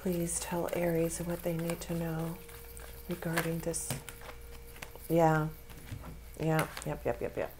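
A woman's voice: fairly low pitch, completely flat delivery, slow, pauses often, noisy background. A woman giving a tarot reading, speaking with spiritual feeling and emotion, close to tears. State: tearful. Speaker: tarot reader.

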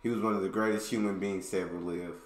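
A man's voice: low voice, fairly even intonation, fast, noisy background. Laid-back American man in an echoey room. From United States. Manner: laid-back, chatty, laughs along. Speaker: reaction video host. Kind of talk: casual reaction commentary.

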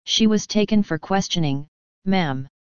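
A woman's voice: mid-range voice, unhurried, a little mellow, smooth, no echo, muffled recording, lightly acted. A woman voicing a polite male guard who answers respectfully and deferentially.

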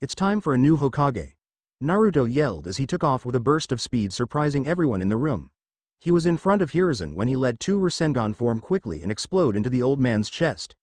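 Man narrating fan fiction, lively pitch. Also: fairly quick, no room sound. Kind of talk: story narration.

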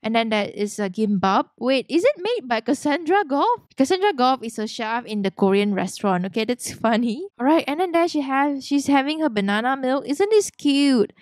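A young woman hosting a let's play, narrating a life-sim game in a bubbly, excitable way. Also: high-pitched, moderate pace, few pauses, no room sound, studio quality. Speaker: gaming channel host.

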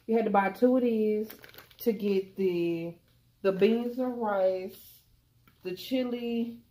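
A woman's voice: mid-range voice, slow, dark tone. A young woman chatting casually to viewers about her grocery haul, calling them y'all. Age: young adult. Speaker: vlogger.

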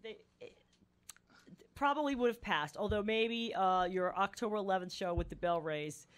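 A woman hosting a radio show, chatting casually with a visiting band, laughing often and talking in halting bursts with many fillers. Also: mid-range voice. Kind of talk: casual on-air chat with a band.

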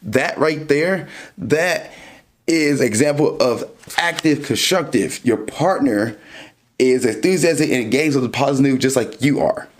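A man's voice: medium pitch, measured pace. A man hosting a dating podcast, casually explaining ideas through everyday examples. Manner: explains through everyday examples, animated when acting out scenes.

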